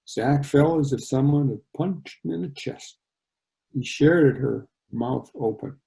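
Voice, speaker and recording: Gravelly man reading his novel aloud. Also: mid-range voice, unhurried, dark tone, low-quality recording. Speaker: author. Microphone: video call.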